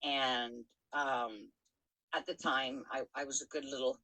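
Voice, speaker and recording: Podcast host, middle-aged woman, low pitch and a bright, forceful tone, frank and profane in her storytelling. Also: steady tone, unhurried, low-quality recording. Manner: frank, swears freely, many fillers and restarts. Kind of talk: candid personal storytelling.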